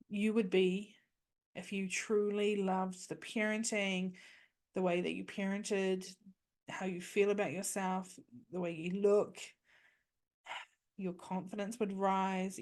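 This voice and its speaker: Chatty woman podcast host, lowish voice. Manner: chatty, coaching, frequent "okay?". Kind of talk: casual advice talk.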